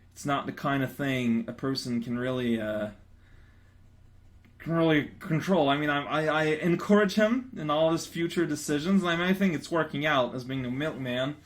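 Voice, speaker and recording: A man's voice: mid-range voice, a bit bright. A young man rambling playfully through casual gaming commentary, often stammering and restarting his sentences. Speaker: let's player. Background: faint game music.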